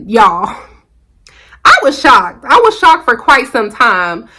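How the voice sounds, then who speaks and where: A woman's voice: a little high, sing-song, a little slow, bright, forceful tone. A woman vlogger chatting casually to camera, retelling a personal story with lots of fillers.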